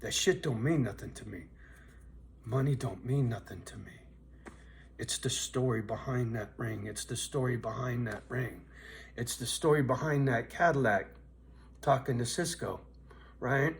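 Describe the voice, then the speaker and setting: A man's voice: medium pitch, measured pace, gravelly, a little hiss or hum. A man in his fifties telling a blunt, profane, streetwise story in a vlog, asking "right?" again and again. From US West Coast. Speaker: vlogger.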